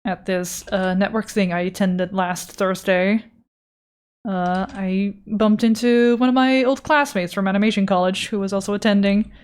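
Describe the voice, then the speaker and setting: A woman's voice: medium pitch, fairly even intonation, moderate pace, a little mellow, smooth. A young adult woman from the Netherlands, a native Dutch speaker with a Dutch accent, chatting casually and rambling while she draws on a livestream, swearing now and then. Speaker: art streamer.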